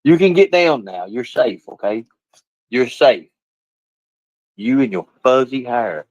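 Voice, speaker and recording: A man chatting casually on a live stream, talking to his pets and viewers in rough, colloquial speech and swearing freely. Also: medium pitch, big pitch swings, takes it slowly, a little mellow, no room sound, highs cut off.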